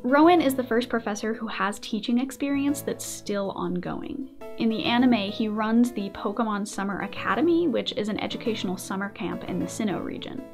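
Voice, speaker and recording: A young adult woman hosting a casual commentary video, playful and animated, often laughing. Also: medium pitch, moderate pace, faint music behind. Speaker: video essayist host.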